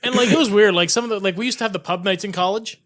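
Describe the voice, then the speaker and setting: A man's voice: sits high, rapid-fire, fairly bright tone. A young man, telling rambling stories on a casual podcast, laughing often and restarting his sentences. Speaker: guest, show producer.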